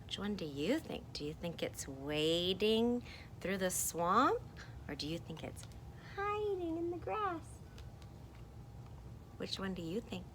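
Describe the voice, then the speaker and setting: Animated woman reading a picture book aloud. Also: lowish voice, a little slow, a little hiss or hum. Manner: animated, swooping up and down, coaxing questions to listeners. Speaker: storybook reader.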